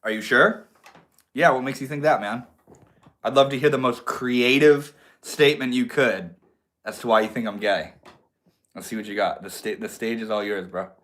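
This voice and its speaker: A man's voice: mid-range voice, moderate pace, fairly bright tone. A young man from Maine hosting a casual livestream, chatting in a slangy, laid-back way and answering viewers. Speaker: livestream host.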